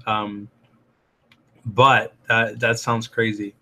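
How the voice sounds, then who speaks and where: A man's voice: lowish voice, level tone, drawn-out words, bright, forceful tone. A man hosting a live stream, casually answering viewer comments in an upbeat, chatty way full of fillers and restarts. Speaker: host answering live chat.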